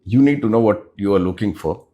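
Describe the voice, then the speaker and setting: A middle-aged man, answering interview questions as a business unit head in a measured, explanatory way with pauses between phrases. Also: fairly low pitch, dull audio.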